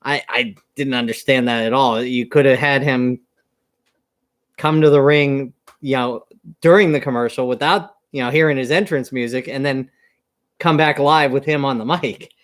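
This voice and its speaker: A man's voice: mid-range voice, steady tone, moderate pace. A man with an ordinary mid-range voice co-hosts a casual review show. He recaps at an easygoing pace, filling his sentences with "uh" and chuckling often. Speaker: wrestling show co-host.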